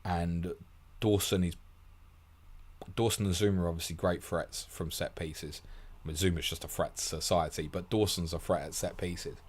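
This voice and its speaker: A man hosting a fast live Q&A, blunt and casual, calling listeners mate, with a sore throat and short of sleep. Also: low-pitched, a little mellow. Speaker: host answering viewer questions.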